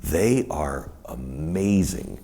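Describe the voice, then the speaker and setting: A middle-aged man telling animated, rambling stories in a live onstage conversation at a university event, quoting other people as he goes. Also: extremely low pitch, extremely slow. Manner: animated, rambling storyteller who quotes others in many voices. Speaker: guest.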